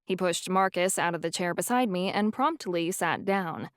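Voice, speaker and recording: A woman narrating a first-person audiobook in an even, wry storytelling way. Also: on the low side, moderate pace, no echo, studio quality.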